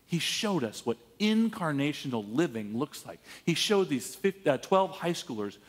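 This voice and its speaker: A pastor preaching a sermon, telling stories with playful asides. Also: male voice, on the high side, moderate pace, breathy edge. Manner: animated storytelling with playful asides and laughs. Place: church sanctuary. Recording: long church hall reverb.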